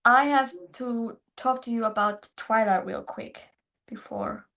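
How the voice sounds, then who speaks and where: A woman in a book club livestream, talking casually in a measured, matter-of-fact way. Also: on the high side, creaky, bright, forceful tone.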